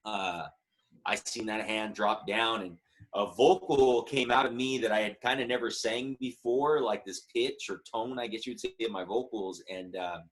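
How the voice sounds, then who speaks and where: A man's voice: on the low side, moderate pace. A man in his thirties, a musician guest telling a story in a casual interview, chatty and earnest. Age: 30s.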